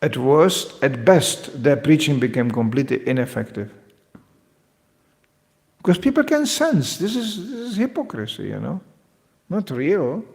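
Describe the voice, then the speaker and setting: Male spiritual teacher, devotional lecture, gravelly and animated, acts out quotes, big echoing hall. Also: fairly high pitch, measured pace, long pauses. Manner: lively, joking, acts out quoted voices.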